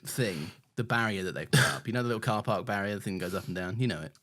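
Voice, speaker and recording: A man's voice: lowish voice, fast talker, a bit bright. A man co-hosting a podcast, chatting casually and jokily, swearing often and restarting his sentences. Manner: swears a lot, jokey, many restarts. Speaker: podcast co-host. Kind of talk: casual chat recapping an episode.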